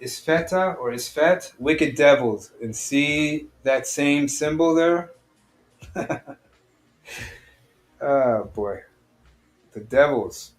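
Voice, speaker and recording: A man's voice: fairly high pitch, very slow, long pauses. A man teaching an online study group. He reads a text aloud line by line, explains each part in plain talk, and asks his listeners direct questions.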